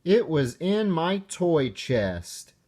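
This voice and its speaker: Man doing an excitable little boy frog. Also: on the high side, drawn-out words, voice pushed up, exaggerated voice. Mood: eager.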